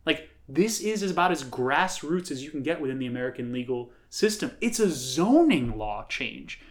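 A man's voice: a little high, very animated, moderate pace. A man from upstate New York co-hosting a podcast in casual, emphatic conversation, with many fillers. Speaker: podcast co-host.

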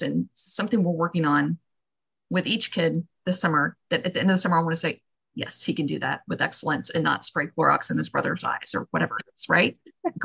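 Woman guest, low husky voice, earnest and encouraging, casual. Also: fairly bright tone. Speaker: podcast guest. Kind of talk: casual chat.

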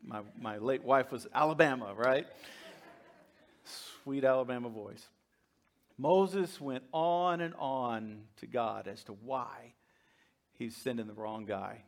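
With a mid-range, creaky voice, a pastor delivers his sermon a little slowly but with animation. He talks conversationally, cracking jokes and laughing with his congregation.

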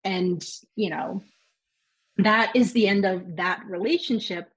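A woman's voice: medium pitch, slow, husky. A woman telling a personal story in casual podcast chat, candid and swearing freely, acting out what others said. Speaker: podcast guest.

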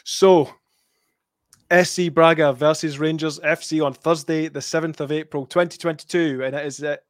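A Scottish man hosts a casual football podcast, his voice a touch high and recorded dry and close. He chats easily and quizzes his co-host with stats. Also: steady tone, normal speed, no echo.

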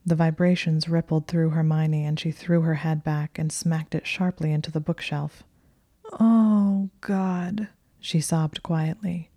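Fields: Sex: woman. Role: narrator. Style: whispered story narration. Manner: slow, hushed, even. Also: low voice, no echo, studio quality.

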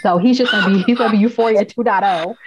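A woman hosting a casual chat, recapping a TV episode with profane, animated storytelling and acted-out quotes. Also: medium pitch, quick pace, lo-fi sound, noisy background. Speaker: podcast host recapping a TV episode.

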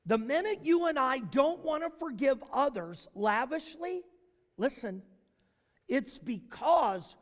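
A male pastor delivering a sermon, moving between loud, emphatic preaching and hushed, intimate storytelling. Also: very high voice, big pitch swings, slow pace, long reverb tail.

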